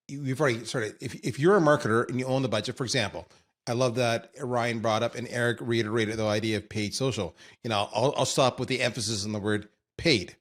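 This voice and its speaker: A man's voice: medium pitch, a bit bright. A man hosting a live webinar, talking conversationally, restarting his sentences often and steering the talk between guests. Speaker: webinar host.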